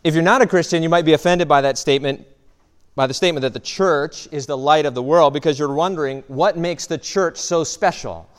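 A man's voice: fairly high pitch, a little fast, clean tone. A man, a pastor, preaching a sermon in a conversational way, often checking in with "right?" and restarting phrases.

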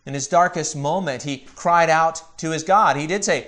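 A pastor preaches an earnest sermon, building up to emphatic repeated questions. His voice is a little high and animated, but he drops to a slow, soft delivery on key phrases.

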